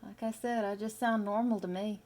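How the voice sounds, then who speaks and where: A middle-aged woman chatting casually with her stream viewers as she draws, musing slowly with lots of fillers. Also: medium pitch, fairly even intonation, a little mellow. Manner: slow, musing, with many fillers. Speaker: artist streaming while drawing. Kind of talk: casual chat with live viewers.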